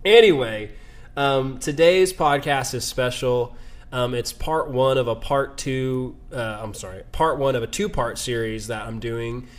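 A man hosts a casual podcast with a loose, rambling delivery. He often restarts his sentences and pokes fun at himself. His voice sits at an ordinary middle pitch. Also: fairly even intonation, unhurried. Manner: rambling, self-deprecating, many restarts. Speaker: podcast host. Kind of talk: casual chat.

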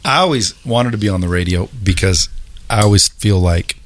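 A man in his fifties hosting a casual interview, with a raspy voice and a joking, self-mocking manner. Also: low-pitched, normal speed, dry recording. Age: 50s. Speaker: podcast host.

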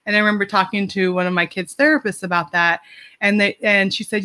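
A woman's voice: mid-range voice, fairly even intonation, fast, bright, forceful tone. Chatty mother with light laughs. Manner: chatty, lots of fillers and restarts; laughs lightly mid-sentence. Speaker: parent sharing advice. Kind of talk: casual conversational advice.

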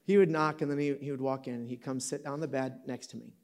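A man's voice: mid-range voice, fairly even intonation, fast, a little mellow. A man in his fifties from Michigan, preaching in a conversational way to a live audience in an auditorium, joking and correcting himself as he tells a story. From Michigan, USA. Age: 50s. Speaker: pastor.

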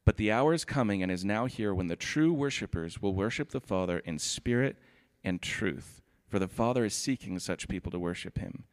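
Low-voiced pastor reading scripture and commenting. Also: male voice, normal speed. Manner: reads scripture steadily, then comments in a relaxed, chatty way with "like". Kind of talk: sermon.

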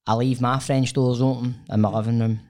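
A man's voice: mid-range voice, level tone, brisk, a little mellow. A Scottish man in his thirties, co-hosting a podcast in a studio, telling a long rambling story in casual chat with some swearing. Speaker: podcast co-host.

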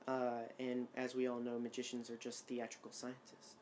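Male podcast co-host, loose and rambling, mid-pitched, faint hiss behind. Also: monotone, normal speed, a little mellow. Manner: rambling, self-amused, many fillers and restarts. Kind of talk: casual chat.

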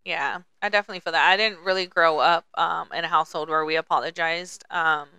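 A woman's voice: deep voice, fairly even intonation, quick pace, pushed and bright, smooth, no echo. A woman in her forties co-hosting a podcast, talking candidly in casual chat and swearing freely. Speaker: podcast co-host.

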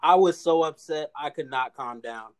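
Animated Philly sports fan, man. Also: on the high side. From Philadelphia area. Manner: animated, talks fast with repeated restarts. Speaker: podcast co-host. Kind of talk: casual sports chat.

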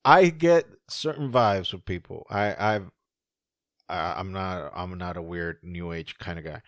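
A man co-hosting a podcast in casual chat, animated and profane, laughing often. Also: low voice, unhurried, no echo, studio quality. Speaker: podcast co-host.

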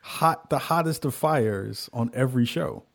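Animated man hosting a podcast. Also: medium pitch, gravelly. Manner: animated, joking, fast storytelling. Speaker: podcast host. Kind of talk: casual podcast banter.

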